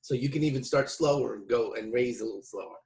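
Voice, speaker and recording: A man's voice: mid-range voice, fast talker, vocal fry, darkish tone, a little hiss or hum. A man giving a casual video lesson, explaining with loose restarts between demonstrations. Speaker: didgeridoo teacher.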